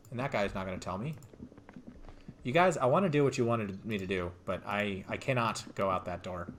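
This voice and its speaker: A man's voice: on the low side, brisk, a little hiss or hum. A man hosting a game playthrough, chatting casually and poking fun at himself as he reads the game text. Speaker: let's play host. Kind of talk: casual gameplay commentary.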